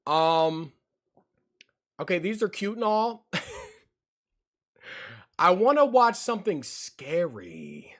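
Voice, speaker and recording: A man's voice: high-pitched, very animated, extremely slow, pauses often, fairly bright tone. A young man chatting casually to his livestream audience, repeating himself and easily spooked. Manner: talks straight to chat, repeats his lines, easily spooked. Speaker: streamer.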